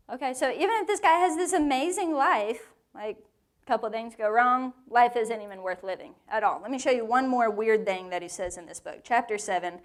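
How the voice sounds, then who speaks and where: A woman teaching a lively women's Bible study to a live group in a meeting room, with playful joking asides. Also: fairly high pitch, normal speed.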